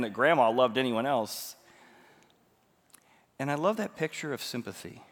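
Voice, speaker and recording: A man preaches from the pulpit of a church sanctuary, dropping to a near hush for stories and then climbing into loud, emphatic passages. His voice carries a long reverb from the large hall around him. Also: mid-range voice, fairly quick. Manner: swings between hushed storytelling and loud emphatic preaching. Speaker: pastor. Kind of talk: sermon.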